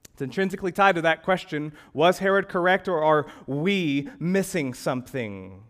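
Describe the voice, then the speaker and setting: A male pastor preaching a sermon, asking rhetorical questions and swinging between emphatic, loud lines and hushed ones. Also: on the high side, lively intonation, moderate pace, few pauses.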